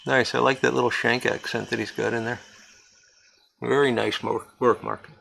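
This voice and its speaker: A man's voice: mid-range voice, level tone, normal speed, gravelly, fairly bright tone, a little hiss or hum, rough recording. A man hosting a casual live-stream charity auction, chatting and reading out bidders and their bids. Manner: chatty, reads out bidders and amounts. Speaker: livestream charity auction host.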